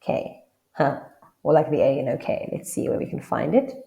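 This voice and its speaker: A woman's voice: low voice, sing-song, normal speed, vocal fry, dark tone, echoey room, highs cut off. A South African woman with a South African English accent, teaching a casual online language lesson and often checking in with the viewer.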